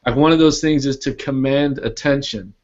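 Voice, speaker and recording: Brief: laid-back male call host, mid-pitched, loose phrasing, dull audio. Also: normal speed, a little mellow. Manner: casual, rambling questions with many "like" fillers. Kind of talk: casual group call.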